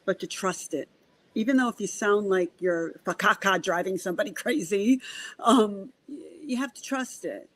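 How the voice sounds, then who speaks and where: A woman medium, a guest on a podcast, telling a story in a casual, animated way, acting out the dialogue and often restarting her sentences. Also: mid-range voice, moderate pace, poor audio.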